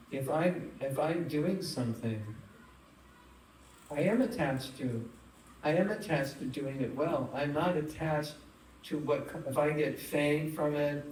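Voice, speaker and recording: With a mid-range, slightly mellow voice, a man gives a spiritual talk to a live audience, chatty and engaging as he questions the room and tells funny stories. He's a spiritual teacher, captured by a distant mic in a roomy hall with faint noise.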